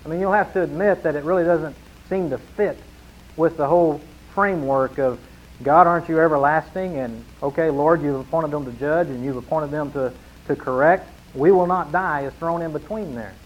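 Guy preaching a sermon, earnest and emphatic, kinda high voice, dull radio sound. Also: moderate pace. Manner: earnest, rising to emphatic reading of scripture.

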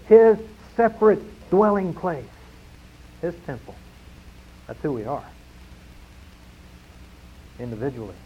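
A man preaching a sermon to his congregation, emphatic, slowing down and falling quiet on key phrases. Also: high-pitched, slight background noise. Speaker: pastor. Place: church sanctuary. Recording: dull lo-fi sound.

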